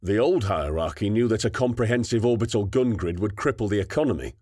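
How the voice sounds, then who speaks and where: A man voicing a wry young male soldier who talks quietly. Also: on the low side, expressive, brisk, slightly rough, no room sound, studio quality.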